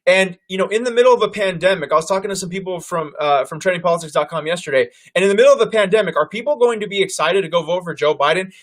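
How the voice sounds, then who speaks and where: A man hosts a political livestream in casual commentary. He talks loudly and animatedly and keeps turning to his viewers as "guys". His voice sits high for a man. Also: rapid-fire, hardly any pauses.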